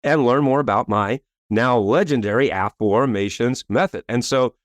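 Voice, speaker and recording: A man in his fifties, a coach and author, tells a story as a podcast guest in a mid-range voice at a moderate pace. He comes across as animated, emphatic and salesy, often ending points with a rhetorical "right?" There is no room sound.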